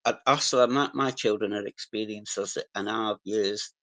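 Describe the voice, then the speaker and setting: A man with a strong regional accent speaking on a live audio chat, halting and apologetic, restarting his sentences often. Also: lowish voice, fairly even intonation, fairly bright tone, dry recording, rough recording. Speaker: caller sharing experiences. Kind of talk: casual hesitant sharing on a live audio chat.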